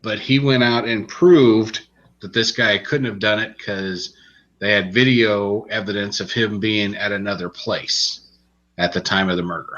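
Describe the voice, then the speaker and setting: A man with a low voice and a sharp, forward tone recaps a crime novel on a podcast in loose, rambling chat. The recording is muffled and lo-fi. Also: measured pace. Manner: relaxed, rambling storytelling with restarts. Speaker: podcast co-host reviewing books. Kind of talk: casual chat.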